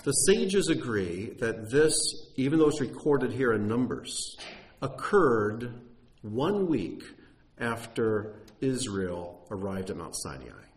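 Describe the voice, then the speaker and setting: A middle-aged man delivers a sermon in an earnest teaching tone. His voice sits at an ordinary male pitch and climbs on the points he stresses. He often restarts a phrase before pressing on. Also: big pitch swings, takes it slowly, rough recording. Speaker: preacher.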